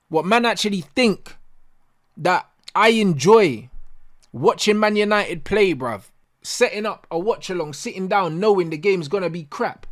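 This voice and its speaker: A man rants through a post-match reaction, his voice sitting high for a man. He speaks in street slang and repeats his complaints again and again for emphasis. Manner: ranting, heavy slang, repeats himself. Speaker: football fan channel host.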